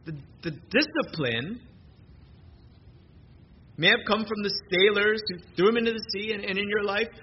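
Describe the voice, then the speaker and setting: High-voiced man preaching a sermon. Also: moderate pace, pauses often. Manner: earnest, with frequent repeated words and restarts. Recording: muffled lo-fi sermon recording with background noise.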